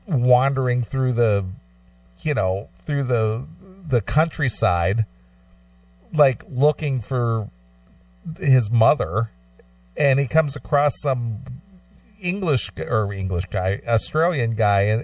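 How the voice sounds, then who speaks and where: A man's voice: mid-range voice, a little mellow, no room sound, recorded from a distance. A man hosting a live radio show, rambling through a story with frequent laughter. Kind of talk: casual banter on live radio.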